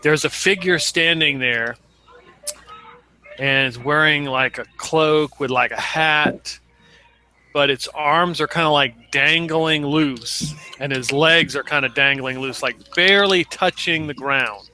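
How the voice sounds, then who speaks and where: A man's voice: on the high side, slow, bright, forceful tone. A man narrating a tabletop game as game master, casual and hesitant, with many fillers.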